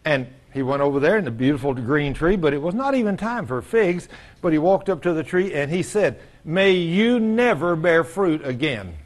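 A man's voice: on the high side, expressive, brisk, darkish tone. A man preaching a sermon in church, telling folksy stories and acting out the voices of the people in them.

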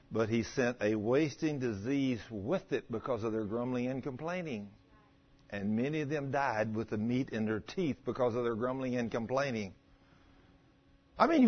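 An older man preaching a folksy, animated sermon about healing, acting out the voices in his stories. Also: mid-range voice. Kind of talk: sermon storytelling. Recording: dull lo-fi recording.

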